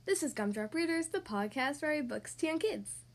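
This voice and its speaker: Lively, sing-song woman reading to kids. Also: high voice, a little fast. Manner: friendly, expressive, sing-song. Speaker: podcast host reading to children. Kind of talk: storybook read-aloud.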